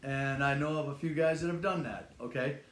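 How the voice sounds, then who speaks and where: A man's voice: a little high, moderate pace. Blunt older man talking in an echoey room. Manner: blunt, conversational, acts out quoted voices. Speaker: fitness channel host, retired instructor. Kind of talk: casual talk to camera. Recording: echoey room with faint noise.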